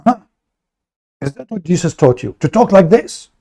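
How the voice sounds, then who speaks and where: A man's voice: sits high, sing-song, moderate pace, dark tone, husky, pitched above the performer's own voice, exaggerated voice. A man mimicking a whiny, reproachful male critic in a raised voice during a livestream rant. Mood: whining mockery.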